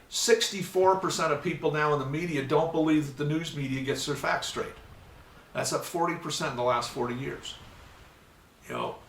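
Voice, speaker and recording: A man's voice: medium pitch, a bit bright. A man giving a classroom lecture, telling anecdotes and acting out the dialogue, with many fillers. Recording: roomy, mic at a distance.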